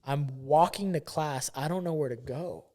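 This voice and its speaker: A young man from Southern California, hosting a podcast and telling a story in casual chat, animated and swearing freely. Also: fairly high pitch, normal speed. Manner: animated, swearing, acts out quotes. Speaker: podcast host.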